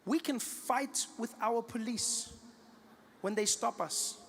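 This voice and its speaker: A man's voice: very high-pitched, takes it slowly, big-room sound, a little hiss or hum. A man from South Africa with a South African accent, a stand-up comedian telling stories and acting out conversations. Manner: animated, acts out both sides of the conversation.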